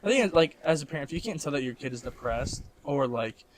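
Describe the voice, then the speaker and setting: With slight background noise behind him, this young Missouri man co-hosts a laid-back podcast, his a-little-high voice lively in intonation and fairly quick. He's a young adult from the Midwest who rambles, leans on "like," restarts himself, and laughs a lot.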